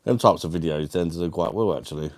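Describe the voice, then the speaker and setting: A man's voice: sits low, quick pace. A man hosting a live stream, reading out viewer comments with crude, matey banter. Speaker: livestream host.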